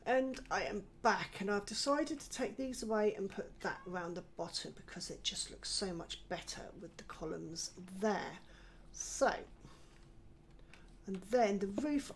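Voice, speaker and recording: An older British woman giving casual commentary while she plays a game. She talks to herself, gently scolds herself, and sometimes drops to a whispered mutter. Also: medium pitch, slight background noise. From United Kingdom. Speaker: gaming channel host.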